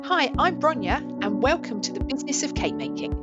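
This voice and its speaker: A woman's voice: high voice, big pitch swings, a little fast, dull audio, over loud music. A woman co-hosting a podcast in casual, friendly chat. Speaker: podcast co-host.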